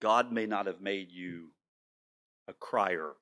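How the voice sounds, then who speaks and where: A male pastor gives an earnest sermon, slowing down to stress his words and sometimes repeating himself. His voice is low, with a fairly bright tone.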